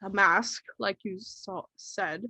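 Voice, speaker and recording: An anxious old village doctor fires off worried questions at his young patient, his voice bright and pushing, acted by a woman running the game. He sounds close and dry, with no room around him. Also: mid-range voice, fairly even intonation, slow, no echo, exaggerated voice, low-quality recording. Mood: troubled. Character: frantic, fussy older male village doctor.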